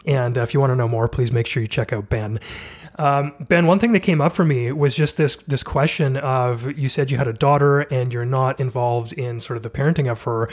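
A man hosting a podcast, talking casually and bluntly with frequent swearing. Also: medium pitch. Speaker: podcast host.

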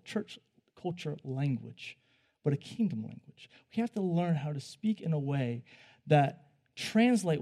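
A young man giving a conversational sermon, animated and joking, often restarting his sentences. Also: fairly high pitch. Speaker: preacher.

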